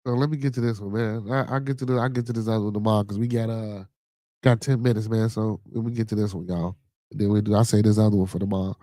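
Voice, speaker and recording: Animated Chicago man hosting a podcast. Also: on the low side, fast talker, no echo, studio quality. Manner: animated, profane, reacts to live chat comments. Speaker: podcast host. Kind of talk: casual live-stream chat.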